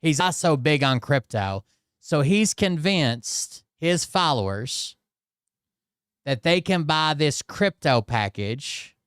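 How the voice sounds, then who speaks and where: A man's voice: on the high side, expressive, takes it slowly, a bit bright, clear, resonant tone, no echo, clean studio sound. A man hosting a commentary channel, reacting to clips in a casual, skeptical way with frequent restarts and mocking asides.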